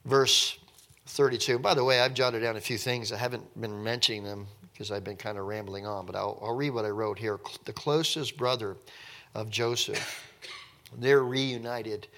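A man leading a casual Bible study, rambling and animated, acting out the people in the passage. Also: on the low side, moderate pace. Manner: rambling, animated, acts out the people he talks about.

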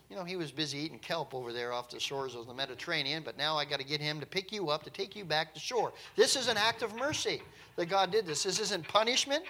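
A man's voice: on the high side, quick pace, sharp tone. A man preaching a sermon in a conversational, emphatic way, with light chuckles now and then.

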